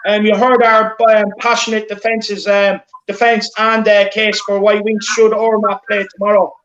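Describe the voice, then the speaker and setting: An Irish man hosts a casual fan podcast in a high, eager voice, piling up fillers as he rambles. His voice comes through a roomy, lo-fi call with faint background noise. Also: level tone, moderate pace, fairly bright tone. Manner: rambling, filler-heavy, enthusiastic. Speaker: podcast host.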